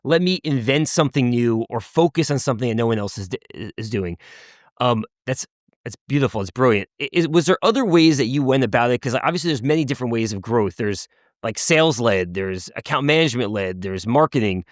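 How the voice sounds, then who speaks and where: A man's voice: medium pitch, animated, a little fast, no room sound, studio quality. A man hosting a podcast interview who asks questions and affirms his guest enthusiastically.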